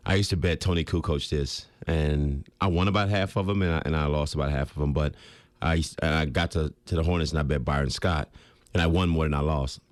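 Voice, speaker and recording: A man with an extremely low, deep voice, chatting easily as a radio guest. He tells stories at an unhurried pace, laughs often, and sounds close and dry in the studio. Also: fairly even intonation, no room sound. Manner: laid-back storytelling, laughs easily. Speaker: guest, former pro basketball player. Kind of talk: casual sports radio chat. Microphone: studio microphone.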